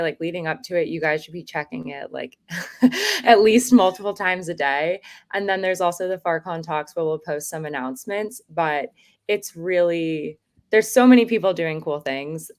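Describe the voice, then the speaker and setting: A woman organizing an event, talking casually with many fillers on a podcast. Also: low-pitched. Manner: chatty, lots of fillers.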